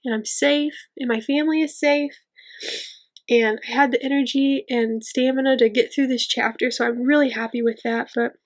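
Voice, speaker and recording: A woman hosting her own channel, speaking a tearful, rambling, heartfelt outro in a soft and encouraging way. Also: fairly high pitch. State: tearful, weepy. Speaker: channel host reading a book aloud. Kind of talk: casual heartfelt vlog outro.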